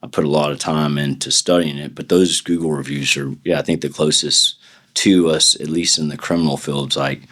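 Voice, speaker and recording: Very deep-voiced man telling stories. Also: fairly even intonation, fairly quick, a bit bright. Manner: rambling anecdotes with acted-out quotes. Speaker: podcast guest, defense attorney. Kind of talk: casual interview storytelling.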